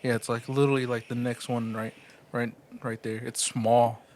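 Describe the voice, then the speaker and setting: A man's voice: medium pitch, little pitch movement, moderate pace, a little mellow. Laid-back man in casual podcast chat. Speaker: podcast co-host.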